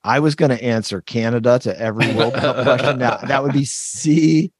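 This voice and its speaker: A man of middle pitch chatting on a podcast, playful and a bit halting, full of fillers and false starts. His voice sits dry and close, with no room sound around it. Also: slightly rough, dry recording. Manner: playful, hesitant with fillers and restarts. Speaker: podcast co-host. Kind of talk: casual chat.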